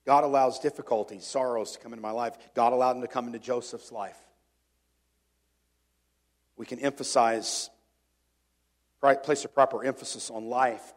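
A man preaching a sermon in an earnest way. He swings between emphatic rising points and quiet, reflective reading. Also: medium pitch. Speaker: pastor.

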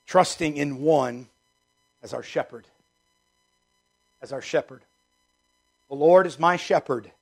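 Gravelly-voiced emphatic male pastor preaching. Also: a little high, slow, pauses often, faint music behind. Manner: emphatic, repeats key phrases, swings from loud to hushed. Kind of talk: sermon.

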